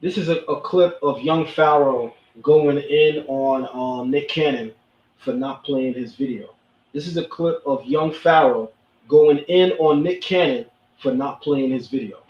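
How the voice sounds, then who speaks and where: A man's voice: mid-range voice, a little slow, muffled recording. Emphatic man with an echoey, distant sound. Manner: emphatic, preachy, repeats lines for stress. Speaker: host. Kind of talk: commentary.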